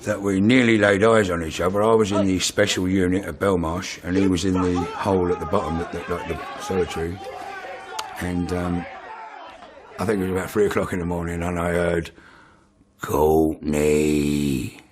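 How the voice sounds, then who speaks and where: A former prisoner telling a story in an interview, laughing often. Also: male voice, deep voice, flat delivery, a little fast, a crowd in the background, noisy background. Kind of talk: anecdote in interview.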